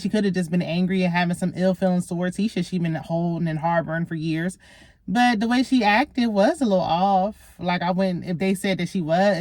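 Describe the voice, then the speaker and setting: A woman's voice: fairly low pitch, darkish tone, no room sound, studio quality. A woman, recapping a reality show in casual, sassy chat straight to her viewers.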